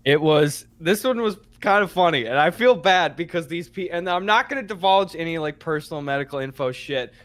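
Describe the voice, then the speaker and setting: A young man chats on a podcast, his voice sitting a little high for a man. He tells a story with animated energy and casual swearing. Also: fairly quick, hardly any pauses, no echo. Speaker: podcast co-host. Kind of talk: casual chat.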